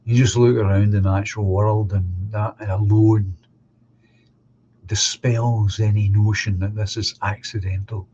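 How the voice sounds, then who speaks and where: A man's voice: fairly low pitch, level tone, unhurried, mellow, highs cut off, a little hiss or hum. A middle-aged man with a Glasgow accent, chatting casually and bluntly as a livestream host reading out viewer comments. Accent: Glaswegian. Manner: blunt, opinionated, reads viewer comments aloud. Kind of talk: casual chat.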